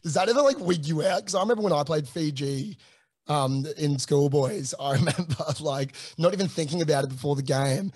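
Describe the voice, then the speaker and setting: A man's voice: fairly high pitch, fairly quick, darkish tone, slightly rough, dry recording. A young Australian man hosting a podcast, chatting casually with a mate, swearing freely and dropping lots of fillers. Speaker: podcast host.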